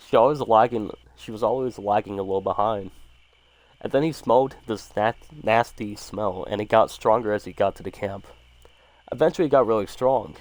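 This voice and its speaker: A man's voice: on the low side, darkish tone. A man casually reading a horror story aloud, swearing freely and stumbling over words now and then. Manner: casual, profanity-laced, stumbles and restarts.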